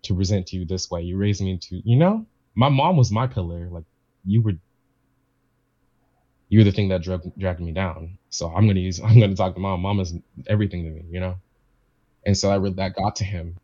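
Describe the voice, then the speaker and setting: Casual male storyteller, deep voice, rambling and repetitive, dry lo-fi sound. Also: fairly even intonation, a little fast, long pauses, mellow, no room sound. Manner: rambling, repeats himself, quotes family members. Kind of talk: casual chat, personal story.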